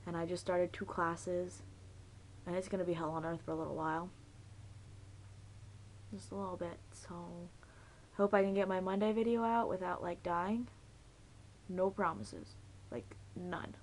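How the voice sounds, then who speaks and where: A woman's voice: on the low side, steady tone, unhurried, long pauses, darkish tone, a little hiss or hum, low-quality recording. A young woman vlogging in casual chat, rambling and giggly, often trailing off mid-thought.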